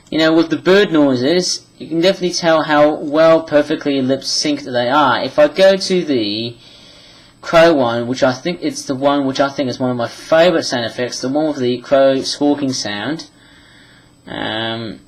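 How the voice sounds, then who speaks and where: A man giving a rambling vlog walkthrough of how he edits his animations, full of restarts and quick apologies. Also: fairly high pitch, rough recording. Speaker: animation vlogger. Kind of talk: screen-recorded tutorial chat.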